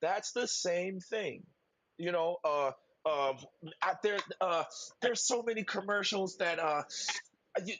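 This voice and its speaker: A man's voice: on the high side, fairly bright tone, slightly rough, poor audio. A man co-hosting a podcast in casual talk, rambling and acting out little quoted voices as he goes. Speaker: podcast co-host.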